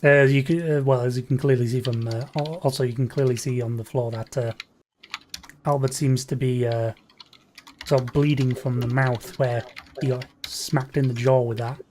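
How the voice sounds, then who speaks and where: A man with a medium-pitched, darkish voice and fairly even intonation narrates as game master for a tabletop game, slight background noise behind him. He sounds hesitant and halting, leaning heavily on fillers and often restarting sentences.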